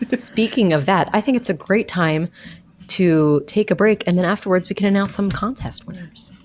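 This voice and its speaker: A woman co-hosting a podcast, chatting casually and cheering the others on with quick gasps and little replies. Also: mid-range voice, darkish tone, slight background noise. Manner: encouraging, quick gasps and back-channel. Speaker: podcast co-host. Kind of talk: casual chat about a video game.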